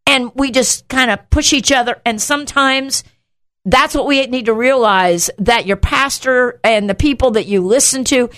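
A middle-aged woman co-hosting a Christian talk show, telling a story with lively asides and laughter. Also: on the high side, normal speed. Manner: animated storyteller, acts out voices, laughs often. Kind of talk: casual faith talk, storytelling.

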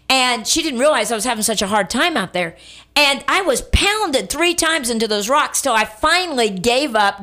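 Middle-aged woman radio preacher, slightly high voice, emphatic storytelling sermon with call-and-response. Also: pushed and bright. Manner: storytelling, emphatic, repeats lines for effect; calls on listeners to respond.

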